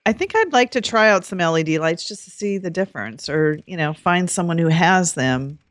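A woman talking casually as a guest co-host on a podcast about her car, in an unhurried, chatty way. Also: lowish voice, expressive, no room sound.

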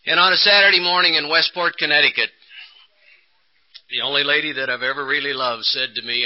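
A man with a fairly high voice gives a personal testimony at a conference, building to emphatic peaks and then pausing for effect. The recording is a dull, lo-fi 1980s tape. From Texas. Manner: storytelling with rising emphasis and dramatic pauses. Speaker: recovery conference speaker. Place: conference hall.

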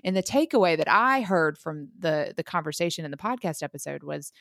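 A woman's voice: deep voice, expressive, fairly quick, gravelly, fairly bright tone, no echo, studio quality. A mother, co-hosting a casual podcast chat, rambling with lots of fillers and restarts. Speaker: podcast co-host.

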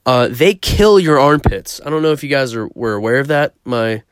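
A man's voice: mid-range voice, expressive, normal speed, clear, resonant tone, no echo, clean studio sound. A young man casually telling a story about himself, rambling, swearing often and poking fun at himself. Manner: profane, rambling, self-mocking.

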